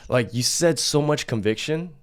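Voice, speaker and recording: A man's voice: medium pitch, moderate pace. A man hosts a podcast and presses his guest with blunt, doubting questions. He swears casually and pushes back on her answers. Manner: blunt, skeptical, swears freely. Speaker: podcast host.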